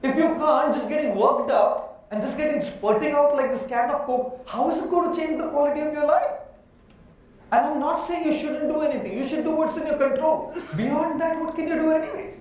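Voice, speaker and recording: A man with an Indian accent giving an animated motivational talk to a live audience, asking them questions as he goes. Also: very high voice, fairly quick. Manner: animated, asks the audience questions, uses props. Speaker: motivational speaker. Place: large hall with a live audience. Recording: echoey hall from far off.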